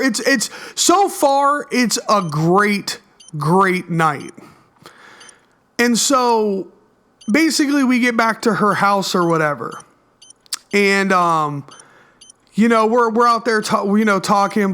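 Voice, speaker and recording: High-voiced young man telling a story. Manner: slangy, profane, animated storytelling. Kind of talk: storytime vlog over gameplay.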